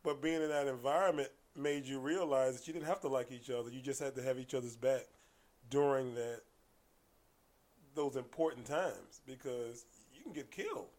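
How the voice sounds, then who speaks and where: A man's voice: mid-range voice, normal speed. A man, a martial arts coach, telling stories casually as a guest and acting out the people in them, sometimes dropping to a whisper. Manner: animated, acts out voices, drops to whispers. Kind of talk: casual storytelling.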